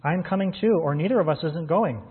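A man's voice: on the high side, fast talker, slightly rough. A man reading the part of a loyal, eager young male hobbit companion aloud from a storybook during a sermon. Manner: eager and devoted. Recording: phone-like sound in a reverberant hall.

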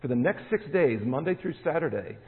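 A man's voice: a little high, expressive, a little fast. A man preaching a sermon as pastor, emphatic and stressing key words. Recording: echoey hall, tinny phone-like sound.

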